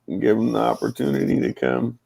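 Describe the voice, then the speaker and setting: A man's voice: lowish voice, big pitch swings, fairly quick, gravelly, crowd noise. A man with grandchildren hosting a casual live chat, laid-back and laughing easily.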